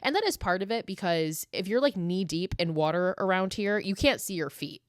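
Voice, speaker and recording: A woman in her late twenties from the US East Coast hosting a solo podcast, telling stories in an emphatic, profane, animated way. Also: medium pitch, fairly quick, no echo, clean studio sound. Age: late 20s. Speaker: podcast host. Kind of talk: casual solo podcast monologue.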